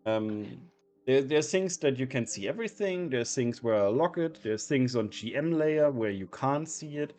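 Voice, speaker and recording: A man narrating a tabletop game as game master, halting and repeating words often. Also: mid-range voice, lively intonation, a little mellow, soft background music.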